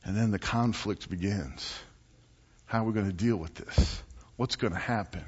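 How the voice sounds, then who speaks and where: A man preaching a sermon as pastor, telling stories and acting out quotes with animated delivery. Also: lowish voice, moderate pace, breathy edge. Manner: animated storytelling with acted-out quotes. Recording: muffled sound in a reverberant hall.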